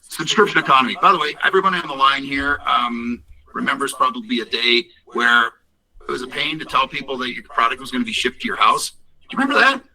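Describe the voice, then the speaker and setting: A man's voice: mid-range voice, fairly quick, gravelly, bright, forceful tone, distant mic, rough recording. A man presenting his company's products on a call, in a rambling, upbeat way with many fillers and restarts. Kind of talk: casual business presentation on a call.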